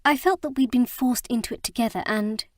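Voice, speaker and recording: A woman voicing an earnest, emotional young bride in an audiobook, speaking in a halting, heartfelt way. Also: a little high, no echo, studio quality, voice pushed up, natural voice. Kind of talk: audiobook character reading.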